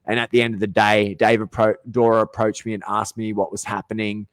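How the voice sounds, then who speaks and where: A man's voice: on the low side, level tone, a little fast, dry recording. A middle-aged Australian man hosting a podcast, ranting in an aggrieved, profane monologue and often breaking off mid-sentence. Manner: profane, aggrieved, self-interrupting. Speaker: podcast host.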